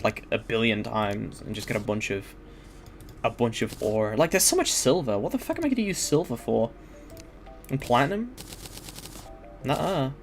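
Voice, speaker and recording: Young male streamer, loose meandering gaming chat, casual profanity, mid-pitched voice. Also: a bit bright, a little hiss or hum. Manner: rambling, filler-heavy, swears casually.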